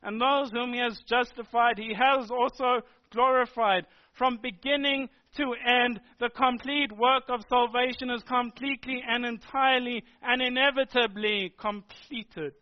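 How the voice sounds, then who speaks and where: A man with a very high voice preaches a sermon, pressing each point with repeated, emphatic phrases. The recording sounds dull and lo-fi. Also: fairly even intonation, measured pace, few pauses. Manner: emphatic, repetitive preaching cadence.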